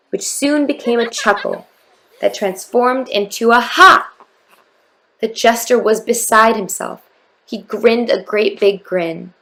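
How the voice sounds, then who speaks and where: Gravelly woman reading a rhyming storybook. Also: medium pitch, a bit bright, a little hiss or hum. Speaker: storybook reader.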